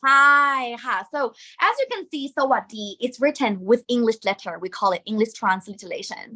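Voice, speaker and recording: A woman with a Thai accent teaches a live online lesson, lively and encouraging, sprinkling Thai particles into her English. Her pitch is fairly high and she talks very fast.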